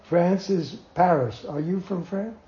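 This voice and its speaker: An older man slowly telling a personal anecdote to a small group, acting out quotes and laughing as he goes. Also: high voice, echoey room, lo-fi sound, a little hiss or hum. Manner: slow, animated storyteller who acts out quotes and chuckles. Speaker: devotee telling memories.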